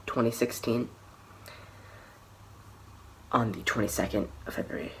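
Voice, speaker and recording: A young man vlogging a personal story to the camera, candid and hesitant, often restarting and trailing off into softer phrases. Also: mid-range voice, a little slow, pauses often, slight background noise.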